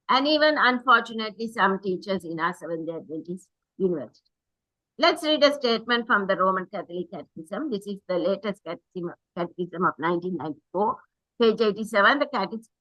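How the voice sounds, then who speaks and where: A woman's voice: medium pitch, sharp tone, dry recording, poor audio. A woman preaching a sermon in an earnest, emphatic way, reading quotations aloud and correcting herself as she goes.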